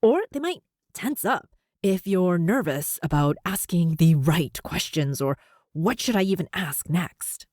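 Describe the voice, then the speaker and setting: A woman's voice: fairly low pitch, expressive, measured pace, a little mellow, no echo, clean studio sound. A woman hosting a solo podcast. She speaks with a slight lisp, ends sentences with an upward lift, and laughs often. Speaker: podcast host.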